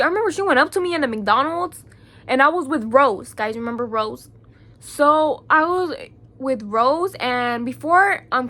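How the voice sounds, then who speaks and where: A woman's voice: high voice, bright, forceful tone. A young woman with a Chicago accent telling a heated, profane storytime vlog, packed with "like" fillers. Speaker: vlogger.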